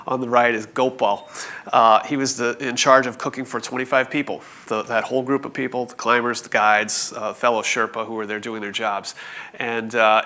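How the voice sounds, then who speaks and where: A man in his forties telling a conference audience a story, halting with many fillers and restarts, with light chuckles. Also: mid-range voice, pushed and bright. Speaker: conference speaker. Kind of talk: presentation talk.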